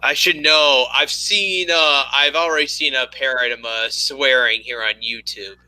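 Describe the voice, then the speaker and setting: A man's voice: mid-range voice, fairly even intonation, unhurried, pushed and bright, no echo, low-quality recording. A man co-hosting a casual podcast chat, telling rambling stories with many restarts. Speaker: podcast co-host.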